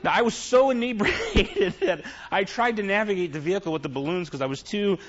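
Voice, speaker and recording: A man's voice: high-pitched, very animated, fairly quick. A middle-aged man giving a sermon, telling funny, confessional stories to his congregation. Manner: humorous, confessional storytelling to a congregation. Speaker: preacher. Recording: dull lo-fi recording.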